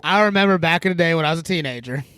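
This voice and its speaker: A man's voice: on the high side, rapid-fire, noisy background. A man co-hosting a podcast in casual chat, joking around with crude banter. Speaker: podcast co-host.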